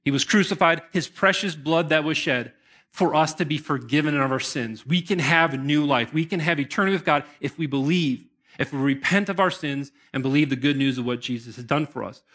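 A man's voice: on the high side, fairly quick. A man preaching a sermon to his congregation in an earnest manner. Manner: earnest preaching, bursts into excited shouts. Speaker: pastor.

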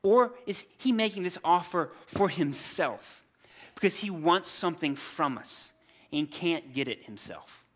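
A man in his thirties preaching a sermon, telling scripture stories in a lively, humorous way and acting out the characters. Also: fairly high pitch, unhurried. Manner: animated storytelling, acts out scripture characters with humor. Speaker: pastor.

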